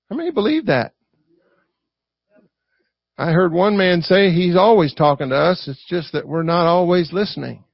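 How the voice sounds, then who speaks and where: A man with a Southern US accent preaching a lively sermon, acting out quotes and asking the congregation for responses. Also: high voice, no echo. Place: church. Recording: dry, dull lo-fi recording.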